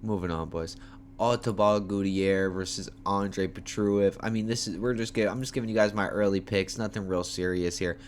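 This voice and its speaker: A man hosting a homemade fight-picks preview, talking in a lively, profane, joking way while tired and yawning late at night. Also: sits low, normal speed, a little hiss or hum. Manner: animated, profane, playful trash talk. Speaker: MMA fight picks host. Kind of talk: casual fight preview talk. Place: homemade setup.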